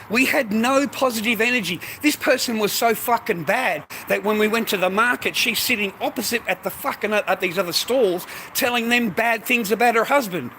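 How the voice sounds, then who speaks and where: High-voiced Australian man ranting. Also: pushed and bright, a little hiss or hum, poor audio. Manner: aggressive, swearing, repetitive. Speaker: vlogger. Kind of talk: profane ranting monologue.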